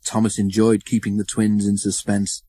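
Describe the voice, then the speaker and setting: A man reading a children's storybook aloud, expressive and acting out the story. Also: lowish voice, normal speed, husky, dry recording. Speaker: narrator.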